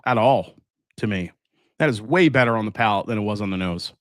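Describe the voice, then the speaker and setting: A man's voice: lowish voice, a little fast, dry recording. Guy on a livestream, laid-back chatty talk, lots of ums, dry sound. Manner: relaxed, chatty, many fillers and restarts. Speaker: livestream host tasting whiskey. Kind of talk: casual live chat reading viewer comments.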